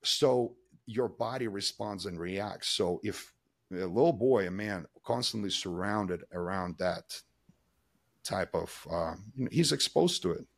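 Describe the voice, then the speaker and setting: A man's voice: fairly low pitch, lively intonation, a little slow, vocal fry. A man speaking as a guest expert in a podcast interview, explaining at length in loose, emphatic run-on sentences with frequent restarts. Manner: emphatic, acts out little examples in quoted voices. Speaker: guest expert on body language.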